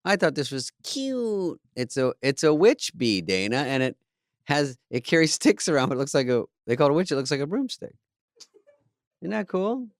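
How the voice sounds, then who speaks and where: A man's voice: a little high, big pitch swings, moderate pace, dry recording, studio quality. A man co-hosting a podcast in casual chat, telling stories in a sarcastic, swearing way. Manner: sarcastic storyteller, swears freely. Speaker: podcast co-host.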